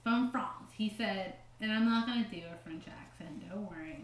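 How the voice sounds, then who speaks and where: A woman's voice: medium pitch, normal speed, echoey room, slight background noise. A woman co-hosting a casual podcast, reading quotes aloud with joking asides and frequent laughs. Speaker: podcast co-host.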